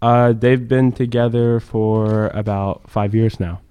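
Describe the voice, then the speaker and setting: A young man with a Texan accent in casual podcast chat, hesitant and halting as he talks. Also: lowish voice, steady tone, dark tone, smooth, no echo. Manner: hesitant, many fillers and restarts.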